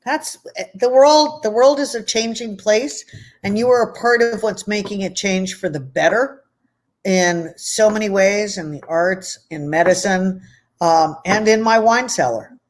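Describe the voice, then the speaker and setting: A woman's voice: medium pitch, measured pace. A woman speaking as a guest in a casual video call interview, effusive and playful in her praise.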